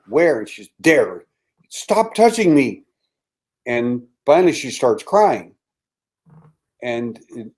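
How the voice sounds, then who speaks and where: As an interview guest, an older man animatedly recounts a story, voicing the people he quotes and at times dropping to a hush. His voice is medium-pitched.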